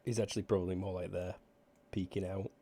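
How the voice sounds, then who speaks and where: A man running a tabletop role-playing game as game master, relaxed and often stumbling over his words. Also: sits low, fast talker, slight background noise.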